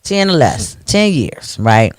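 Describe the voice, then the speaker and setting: A man hosting a radio talk show, ranting in an animated, preachy way into a studio microphone. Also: medium pitch, takes it slowly, clean tone.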